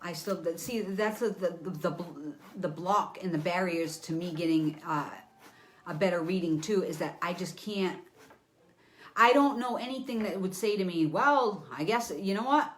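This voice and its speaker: A woman psychic medium does a live reading for viewers, her voice sitting on the low side at a moderate pace. She's animated, blunt and profane, acting out scenes with sound effects and addressing someone we can't see.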